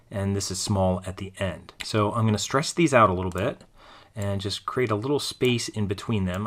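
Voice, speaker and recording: A man with a fairly low voice walks through a design lesson on screen. He talks in a relaxed, thinking-aloud way as he clicks through each step, recorded close on a desktop mic. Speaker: design teacher. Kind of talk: screen-recorded software tutorial.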